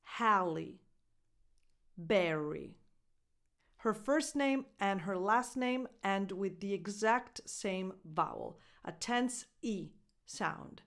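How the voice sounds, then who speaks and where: Woman coach, deliberate pace, breaks words into syllables for learners. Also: medium pitch. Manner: slow, careful, repeats words syllable by syllable. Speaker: English pronunciation coach. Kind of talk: pronunciation lesson to camera.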